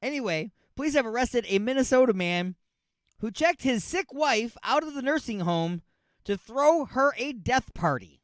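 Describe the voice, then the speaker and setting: A man hosts a comedic radio talk show, rambling, joking, and sounding mock-outraged, repeating himself and stretching words for effect. His very high-pitched voice is animated and moves at a moderate pace. The sound is clean studio quality with no echo.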